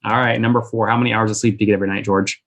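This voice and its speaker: A man's voice: on the low side, level tone, racing, fairly bright tone. A man in his thirties hosting a business interview and asking blunt, direct questions. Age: 30s. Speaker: interview host. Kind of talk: rapid-fire business interview.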